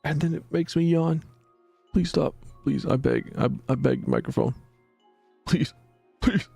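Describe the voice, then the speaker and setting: A man's voice: a little high, measured pace, creaky, warm tone, slightly rough, no room sound, soft background music. A young man streaming a video game, rambling in a self-deprecating way and fussing at his microphone. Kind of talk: casual gameplay commentary.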